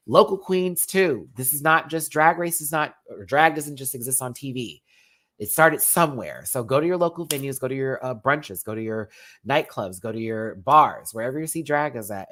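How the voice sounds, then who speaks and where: A man's voice: mid-range voice, a bit bright. Breathless, unwell man signing off a stream. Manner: affectionate, preachy, calls viewers baby and y'all. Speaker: drag show reviewer and live stream host. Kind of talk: casual live stream sign-off.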